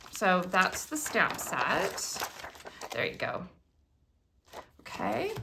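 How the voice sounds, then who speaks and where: A chatty woman in middle age gushes over each new craft item she unboxes, thrilled and talkative. Her voice is a little higher than most and sharply bright. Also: a little hiss or hum. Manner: gushing, excitable, chatty. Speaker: craft product demonstrator. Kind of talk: casual unboxing chat.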